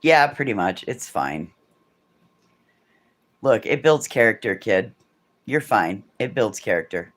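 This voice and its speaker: A woman hosting a casual livestream, chatting easily with her viewers and swearing freely as she goes. Her voice swoops up and down expressively, and she talks at an unhurried pace. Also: a bass voice, lively intonation. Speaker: livestream host. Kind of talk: casual chat.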